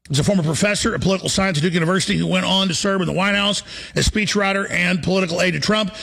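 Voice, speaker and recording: A man hosting a talk radio show, ranting in a heated, forceful monologue. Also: high voice, gravelly.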